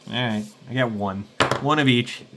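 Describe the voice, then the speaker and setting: A man's voice: mid-range voice, moderate pace, heavy background noise. A man casually playing a solo tabletop game, rambling and thinking aloud to himself. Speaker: solo game player and host.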